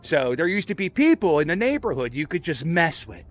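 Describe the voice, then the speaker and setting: A man's voice: on the high side, big pitch swings, a little fast. A man walking outdoors on a city street, chatting casually and rambling as he hosts a walking vlog. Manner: chatty, rambling, self-deprecating. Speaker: vlogger walking tour host.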